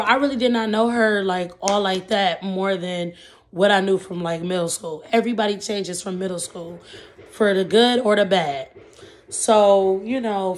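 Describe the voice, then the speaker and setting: A woman in her twenties telling a rambling story in a casual vlog, full of fillers, eating between sentences. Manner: chatty and rambling, with many fillers like "okay, boom". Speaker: vlogger.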